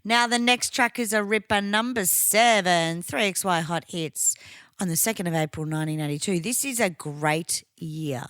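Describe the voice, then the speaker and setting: A woman's voice: fairly low pitch, normal speed, no echo. Aussie woman telling a funny story on a podcast, swears a lot, dry close sound. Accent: Australian. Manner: profane, animated anecdote telling. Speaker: podcast co-host. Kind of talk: casual storytelling chat.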